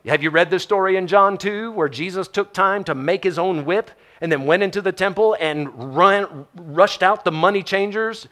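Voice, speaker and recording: A man delivers a sermon with animated storytelling. He acts out the quotes and laughs often. His voice sits a little high for a man. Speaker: preacher.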